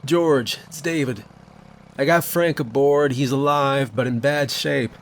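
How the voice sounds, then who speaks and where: A man's voice: medium pitch, fairly even intonation, a little slow, a little hiss or hum, pitched above the performer's own voice, natural voice. A man voicing a young-to-middle-aged lake patrol officer who calls out in short, urgent bursts in a storybook. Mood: reporting.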